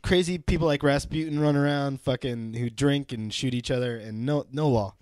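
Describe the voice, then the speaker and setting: A man's voice: medium pitch, normal speed, a little mellow, dry recording, studio quality. A young man co-hosting a crude comedy podcast, swearing freely and laughing often in playful banter. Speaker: podcast co-host.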